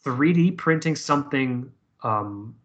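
A man's voice: medium pitch, lively intonation, takes it slowly, a bit bright, highs cut off. A man telling a personal story in casual conversation, profane and rambling with many restarts.

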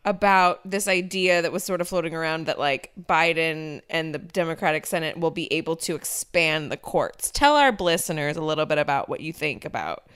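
Smooth-voiced chatty woman host. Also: low voice, animated, a little fast, few pauses, fairly bright tone. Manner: chatty, self-deprecating, many fillers. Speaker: podcast host. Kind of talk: casual political chat.

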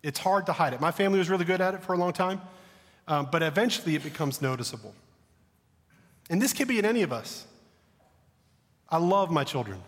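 A man's voice: on the high side, expressive, brisk, long pauses, big-room sound. A man in his thirties with a Southern American accent, preaching a conversational, self-deprecating sermon. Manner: conversational, self-deprecating, drops to a hushed voice for stories. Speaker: pastor.

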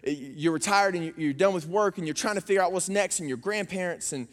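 A man, preaching a sermon and telling family stories with animated impressions. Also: high-pitched, fairly quick. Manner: animated storytelling, acting out his daughters' voices. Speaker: pastor. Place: church auditorium. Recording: long reverb of a church hall.

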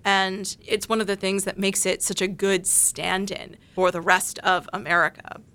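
Woman, panel guest, measured and analytical, bright tone. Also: medium pitch, level tone. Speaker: panel guest discussing her essay. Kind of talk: academic panel discussion.

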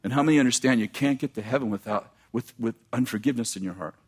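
A man preaching a sermon, reading scripture aloud and breaking off into quick, animated asides to the congregation. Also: medium pitch, slightly rough.

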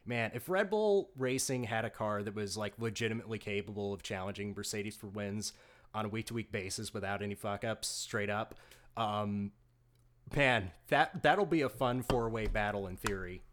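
A man's voice: on the low side, moderate pace, a bit bright. A man guesting on a podcast in casual chat, laid-back and slangy, who swears freely.

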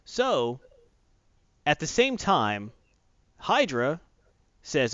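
A man chats through a comic book recap in a loose, rambling way. He keeps jumping into little acted-out lines as he goes. His mid-pitched voice comes through a dull, lo-fi recording with a dry sound. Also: normal speed, pauses often, no echo. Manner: rambling, animated storyteller who acts out quotes. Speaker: comic book podcast host. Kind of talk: casual comic recap chat.

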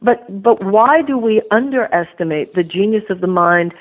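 A woman's voice: medium pitch, normal speed, rough recording. Earnest reflective woman guest. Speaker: author and interview guest. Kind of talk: conversational interview.

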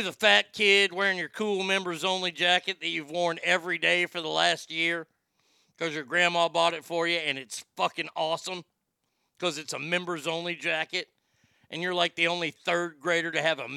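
Middle-aged male comic host, profane ranter, crisp clear tone, loud-to-muttered swings. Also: a little high, fairly even intonation, moderate pace, no echo, clean studio sound. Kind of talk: casual comedic rant.

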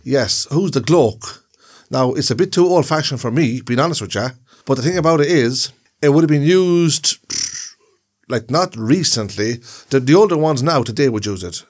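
A man's voice: medium pitch, lively intonation, normal speed, breathy edge. An Irish man co-hosting a podcast, explaining things in a rambling way and repeating himself. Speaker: podcast co-host. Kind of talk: casual chat.

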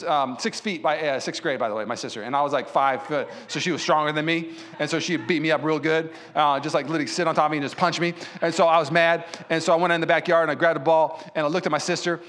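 Male pastor, high voice, animated sermon storyteller in a church. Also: fast talker, few pauses. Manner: animated storyteller who acts out quotes.

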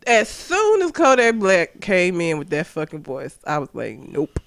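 A man's voice: high-pitched, huge pitch swings, a little slow, creaky, a bit bright. A man co-hosting a casual podcast, ranting bluntly with strong opinions. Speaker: podcast co-host. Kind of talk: casual chat.

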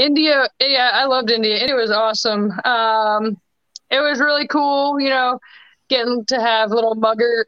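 A young adult woman telling stories as a podcast guest in casual chat, quick and chatty with frequent restarts, over a remote call. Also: fairly high pitch, clean tone, no echo. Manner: chatty, quick bursts with many restarts and fillers. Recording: dull lo-fi remote call audio.

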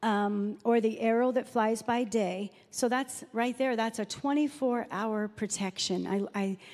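Speaking as a guest at a church Mother's Day service, a middle-aged woman delivers a chatty sermon woven with personal stories and Bible readings. Her pitch is fairly high and her tone darkish, and the recording carries the reverberant sound of a hall.

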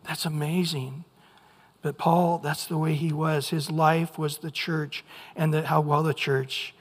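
A male pastor giving a fervent, emphatic sermon in a church, with quick asides. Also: on the high side, flat delivery. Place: church sanctuary. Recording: long hall reverb.

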